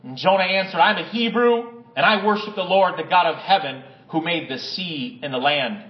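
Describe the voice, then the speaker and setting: A man preaching a sermon and reading scripture aloud, with dramatic swings between loud, raised lines and low, hushed ones. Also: normal speed, echoey room, lo-fi sound. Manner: dramatic, varies pitch and loudness, drops low and quiet for emphasis. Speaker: pastor.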